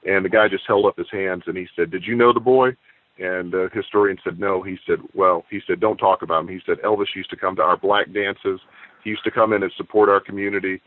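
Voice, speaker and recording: A man guesting on an interview, a comic book writer telling stories in a relaxed, reflective way. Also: deep voice, fairly quick, no room sound. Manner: storytelling, leisurely and reflective. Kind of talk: casual interview chat. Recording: tinny phone-line audio, dry.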